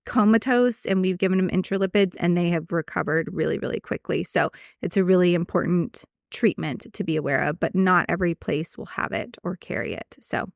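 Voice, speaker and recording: A woman's voice: lowish voice, brisk, vocal fry, few pauses, dry recording, studio quality. A woman in her thirties, a veterinarian hosting a podcast, explaining things in casual chat and laughing easily. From United States.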